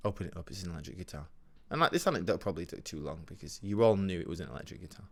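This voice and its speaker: Animated young man storyteller. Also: low voice, very fast, creaky. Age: 20s. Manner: animated, rambling, jokey, swings from loud to mumbled. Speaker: podcast host. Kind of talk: casual solo storytelling.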